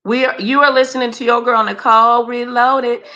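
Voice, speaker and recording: Bright, emphatic woman livestream host. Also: on the high side, level tone, normal speed, dull audio. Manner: emphatic, slangy, talks straight to her viewers. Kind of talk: casual reaction commentary.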